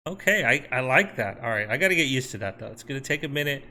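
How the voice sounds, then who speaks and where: A software developer streaming his coding work, talking to his chat and to himself as he works. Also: mid-range voice, expressive, fast, slight background noise. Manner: talks to chat and himself while working. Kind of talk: live coding stream, thinking aloud.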